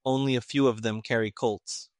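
A man's voice: mid-range voice, steady tone, normal speed, no echo, studio quality, close to an everyday voice. A man reading the part of an irritated middle-aged army colonel who talks sarcastically and emphatically.

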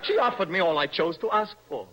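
A fervent young poet, husky and lively. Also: male voice, high voice, a little fast, lo-fi sound. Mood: mocking, rhapsodic. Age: young adult. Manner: dreamy, impassioned, poetic. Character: young, nervous, intense male poet. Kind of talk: radio stage-play acting.

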